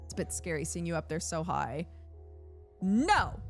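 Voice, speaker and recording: A woman streaming a video game, reading the dialogue aloud and reacting in an expressive, exasperated way. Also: on the low side, moderate pace, faint music behind. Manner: animated and expressive, swings to loud exasperation. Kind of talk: live gameplay commentary, reading dialogue aloud.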